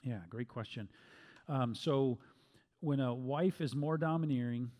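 A middle-aged man answering questions as a pastor, speaking calmly and measuredly, with frequent restarts. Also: medium pitch, unhurried. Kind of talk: Q&A teaching talk.

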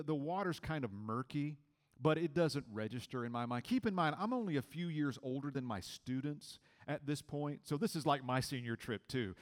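Conversational preacher telling a story. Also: male voice, big-room sound. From Georgia, US. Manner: conversational storytelling, acts out dialogue, drops to quiet low tones for emphasis. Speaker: pastor. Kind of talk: sermon with personal story.

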